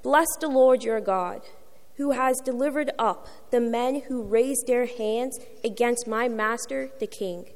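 A woman's voice: a little high, unhurried, a little mellow, in a large hall. A woman reading the lines of a young male messenger who reports to his king with deference. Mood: reverent. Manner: deferential, reverent.

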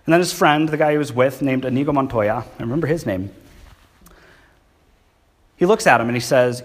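A man's voice: mid-range voice, a little fast, long pauses. A man, preaching a sermon in a church and talking conversationally with the congregation. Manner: conversational, asks the congregation questions. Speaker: pastor. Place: church hall.

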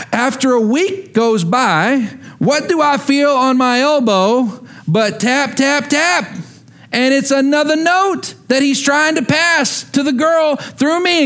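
A man's voice: very high voice, fairly bright tone. A man preaching a sermon, telling a story in a chatty way, putting questions to his listeners and building to emphatic points. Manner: conversational, asks the congregation questions, grows emphatic. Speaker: pastor.

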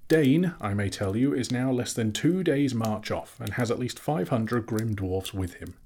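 A man voicing a polite, fussy male hobbit who talks in a brisk, businesslike, genteel way, a little husky. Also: mid-range voice, warm tone, pitched above the performer's own voice.

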